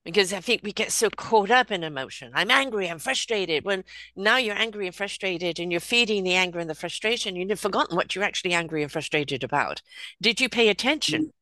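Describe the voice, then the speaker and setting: Female podcast host, tense bright tone, dry close sound, blunt delivery. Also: mid-range voice, animated, fairly quick, dry recording. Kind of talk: conversational podcast interview.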